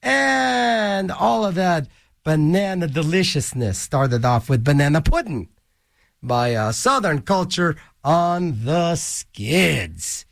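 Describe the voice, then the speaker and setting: A man's voice: on the high side, animated, takes it slowly, gravelly, no room sound. A man hosting a college radio show, rambling through goofy jokes and asides between songs in a small studio. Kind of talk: casual radio DJ patter. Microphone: studio mic.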